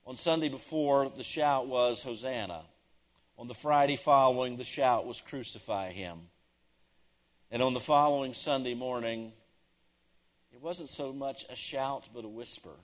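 Male pastor, sermon delivery, mid-pitched voice, emphatic repetition, rises to ringing declarations, drops to hushed tones. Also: steady tone, moderate pace. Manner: swings from loud declarations to hushed, near-whispered lines; emphatic, repeats key phrases.

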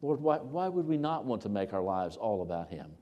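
A man preaching a sermon as pastor, earnest and building to loud emphatic peaks when quoting scripture. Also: lowish voice, very animated, fairly quick, lo-fi sound. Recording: long reverb of a large hall.

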